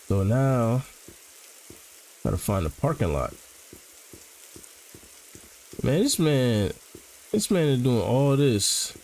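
Casual male game commentator, slangy jokes, lively up-and-down pitch, takes his time. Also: slow, long pauses, slight background noise, poor audio. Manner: casual slangy joking reactions. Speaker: gaming channel host.

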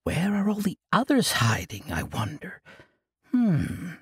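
For an audiobook, a man performs a full character voice as an eccentric, ancient monk who is childlike and mischievous, speaking grandly and playfully in a whimsical mood. He pushes his voice up high, slightly bright and breathy, with wildly swooping pitch at a slow pace, recorded in a clean studio with no echo.

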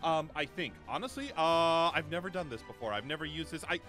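A man's voice: on the high side, lively intonation, fairly quick, pushed and bright, faint music behind. A man acting out a bumbling young inventor in a Minecraft roleplay, stumbling over his words with lots of ums. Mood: sheepish. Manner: hesitant, stumbling, full of ums.

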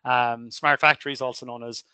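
A man's voice: medium pitch, fairly even intonation, normal speed, pushed and bright, clean tone, no room sound. A man with an Irish accent giving a recorded engineering lecture over a webcam, chatty and full of fillers and self-corrections. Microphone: webcam mic.

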